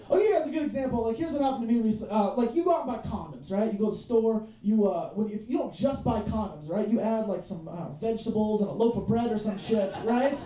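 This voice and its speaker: A young man works a small club crowd with a loose, profane stand-up set, constantly checking in with "you know what I mean". His voice is mellow and relaxed. The sound is roomy and a little distant from the mic. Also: sits high. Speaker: stand-up comedian.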